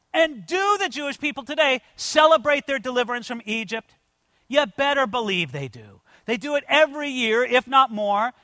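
A pastor with a high, bright voice preaching a sermon with dramatic swings between hushed asides and loud, drawn-out proclamations. He talks directly to his congregation as "friends." The sound is close and dry. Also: no room sound. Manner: emphatic, addresses the congregation as "friends"; swings from quiet asides to loud, slowed-down declarations.

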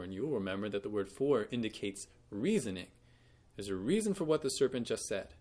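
A man's voice: mid-range voice, darkish tone. A man teaching a Bible lesson in a careful, explanatory way, often correcting himself mid-sentence and giving quoted lines extra emphasis.

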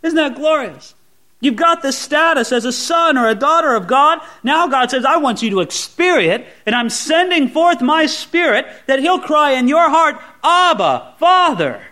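A man preaching a sermon in an earnest way, rising to loud exclamations and dropping to soft, tender asides. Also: very high voice, moderate pace. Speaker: pastor.

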